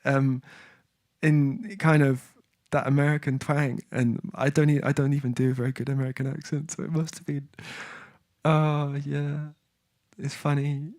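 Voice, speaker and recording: A man's voice: fairly high pitch, little pitch movement, moderate pace, a little mellow, dry recording, studio quality. A man hosting a music livestream, chatting casually and reading viewer comments. He rambles, breaks off and restarts as he tells a story. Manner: rambling, self-interrupting storyteller.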